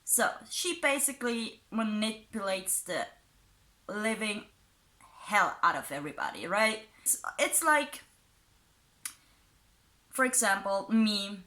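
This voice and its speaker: Woman, commentary YouTuber, sarcastic, mocking, bright tone, casual chat. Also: mid-range voice, animated, takes it slowly, long pauses. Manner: sarcastic, mocking, chuckles between points; self-described unusual accent. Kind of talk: casual commentary reading out posts.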